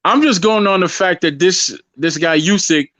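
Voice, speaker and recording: Man, fairly high voice, dry close sound, casual boxing debate, rambling, argumentative. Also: normal speed, fairly bright tone, no echo. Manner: rambling, repeats himself, argumentative. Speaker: boxing show co-host.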